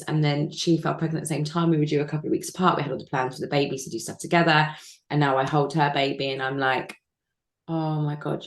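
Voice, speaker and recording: Over a video call, a woman appears as an interview guest and talks candidly and emotionally about a personal loss. Her voice sits low and sounds reverberant.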